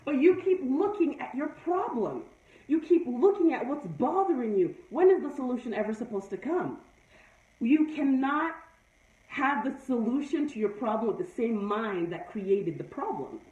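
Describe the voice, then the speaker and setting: A woman with a slightly high voice gives a preachy motivational talk, driving her points home again and again. She sits back from the microphone, and the sound is dull and echoey. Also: big pitch swings, normal speed. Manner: preachy, repetitive, emphatic. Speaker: live-stream host. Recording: echoey room, far from mic, dull sound.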